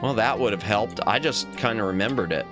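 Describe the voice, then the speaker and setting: A man's voice: lowish voice, animated, brisk, over music. A man streaming a retro adventure game, thinking aloud in casual commentary and reading the game text aloud.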